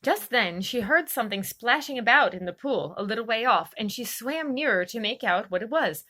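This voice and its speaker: A woman's voice: fairly high pitch, animated, normal speed, pushed and bright. A woman reading a children's classic aloud, narrating expressively. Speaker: reader. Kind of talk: storybook narration.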